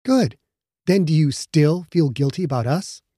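A man voicing a caring, teasing young woman in an audiobook, gentle and coaxing. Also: a little high, expressive, a little slow, slightly rough, dry recording, studio quality. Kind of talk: audiobook narration.

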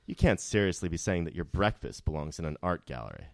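A man's voice: low voice, very animated, fast, creaky, no room sound, heavily acted. A man voicing an earnest, idealistic young artist who is founding a bar in an audio drama.

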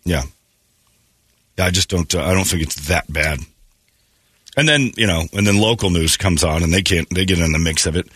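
A man's voice: low-pitched, normal speed, pauses often, fairly bright tone, husky, dry recording, clean studio sound. A man hosting a morning radio show, chatting casually and slipping into mocking quoted voices.

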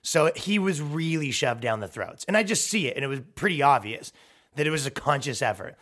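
A man's voice: a little high, animated, fairly quick, fairly bright tone. A man hosting a comedy podcast, riffing in a rambling, profane, sarcastic way. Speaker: podcast host.

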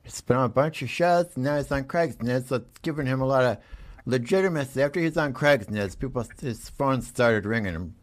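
A man hosting a comedy show with mock-serious, deadpan delivery. His pitch swoops and jumps a lot, and he playfully bosses his guest around. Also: a little fast.

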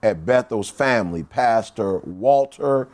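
Hyped man giving shout-outs. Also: lowish voice, lively intonation, measured pace. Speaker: podcast co-host. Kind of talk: casual podcast chat.

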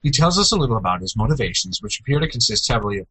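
A young man co-hosting a casual gaming news chat, joking and sometimes jumping into playful high-pitched outbursts. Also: big pitch swings, very fast, fairly bright tone, husky, dry recording, low-quality recording. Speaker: co-host.

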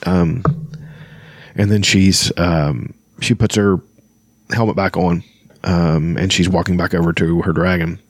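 Deep-voiced man reading aloud, casually. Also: fairly even intonation, measured pace, no room sound. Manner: loose, stumbling, self-correcting reading. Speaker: podcast host reading a novel aloud. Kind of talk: book reading with casual asides.

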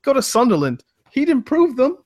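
A man's voice: very high voice, very animated, normal speed, darkish tone. A man co-hosting a casual football podcast, arguing his points emphatically. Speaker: podcast co-host. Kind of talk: casual sports chat.

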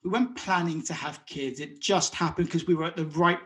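A man's voice: a little high, bright, forceful tone. A man, a guest talking openly in an interview, often repeating and restarting words and acting out what others said. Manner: halting, repeats words, acts out quotes. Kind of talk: conversational interview.

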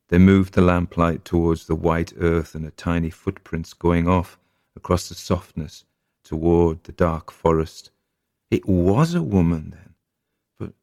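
A man narrating a short story aloud in a measured, atmospheric way. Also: low-pitched, a little mellow, dry recording, studio quality.

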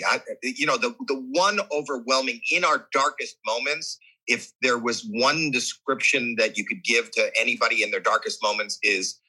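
Guy on a podcast telling a heavy personal story, husky and super bright tone, lots of restarts. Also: mid-range voice, moderate pace, hardly any pauses, poor audio. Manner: animated, emotional, with many restarts. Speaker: guest.

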